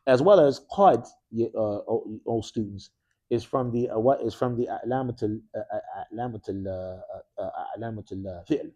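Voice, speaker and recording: A man's voice: on the low side, moderate pace, warm tone, muffled recording. A man teaching an Arabic grammar class in a mosque classroom. He speaks with energy, keeps quizzing his students with "what?" prompts and drops casual slang.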